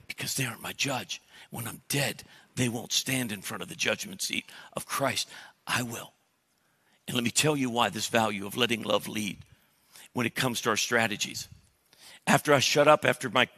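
Male pastor, sermon, bright forceful voice, lively delivery with jokes, reverberant church hall. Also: mid-range voice. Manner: animated preaching with jokes and acted-out prayers.

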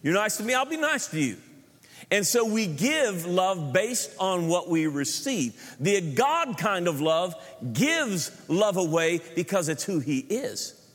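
A man's voice: high-pitched, sing-song, a little slow, a bit bright. A middle-aged male preacher giving a joking sermon, often repeating words as he builds his points to a congregation. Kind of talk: sermon with humor. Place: large church hall. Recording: long hall reverb.

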